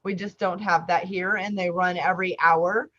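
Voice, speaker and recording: A woman's voice: on the low side, steady tone, moderate pace, a bit bright, dull audio. A woman co-hosting a casual podcast, telling a rambling, conversational story. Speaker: podcast co-host.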